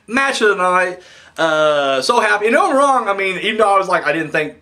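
A young man giving a rambling, excitable review of a wrestling show, swearing freely and correcting himself as he goes. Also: sits high, quick pace. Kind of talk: casual spoken review.

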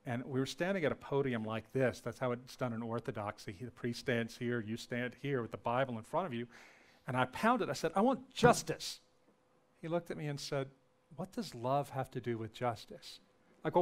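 A man giving a public lecture, telling a personal story in an earnest way and acting out bits of dialogue with lively jumps in pitch. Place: lecture event before an audience.

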